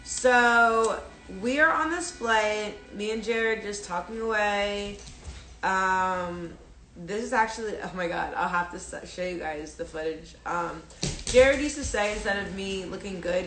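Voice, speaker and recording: A woman's voice: medium pitch, fairly bright tone, echoey room. A young woman telling a personal story on a phone live stream, rambling with many fillers and restarts, casually swearing. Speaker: livestreamer.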